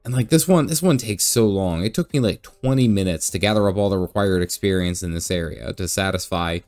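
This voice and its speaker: A man's voice: deep voice, a little fast, darkish tone. A man recapping a game playthrough in a casual, jokey, chatty way, often laughing. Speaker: gaming video creator.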